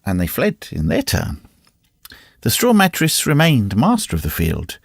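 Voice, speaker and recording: Husky guy narrating an old novel audiobook, really lively up and down reading, dry close mic. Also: on the low side, measured pace, no echo. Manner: expressive, varied reading. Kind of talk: scripted narration.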